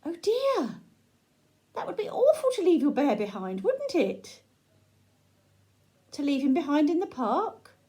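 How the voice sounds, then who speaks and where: A woman reading a children's picture book aloud, gentle and sing-song, pausing to ask the young listener questions. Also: sits high, wildly swooping pitch. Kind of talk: children's read-aloud storytelling.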